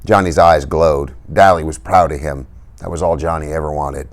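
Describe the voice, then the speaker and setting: Man narrator, very low voice, steady and subdued, reads a novel for a class. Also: fairly quick. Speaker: reader. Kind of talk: reading a novel aloud for a class.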